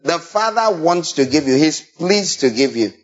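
This man preaches an animated sermon packed with rhetorical questions, sometimes imitating sheep and shepherd calls. His voice is on the high side at a normal speed, caught on a dull lo-fi recording.

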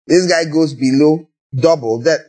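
A man with a Nigerian accent preaching a sermon, animated and acting out little scenes in other voices. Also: fairly high pitch, a little slow, husky.

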